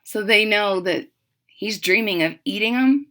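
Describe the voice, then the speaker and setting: A woman teacher reading a picture book aloud to children, expressive, with chatty asides to the class. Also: medium pitch, unhurried.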